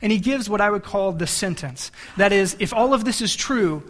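At normal speed, a male pastor delivers an expressive sermon in a high-pitched voice, storytelling in a chatty way. Restarts and repeated words come often, as do asides to the people in the pews.

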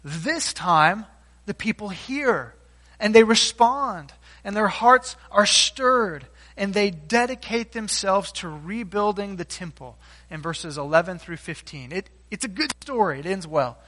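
A male pastor delivers a sermon in a high, bright voice. He preaches earnestly and emphatically and poses rhetorical questions to his congregation. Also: expressive, a little slow.

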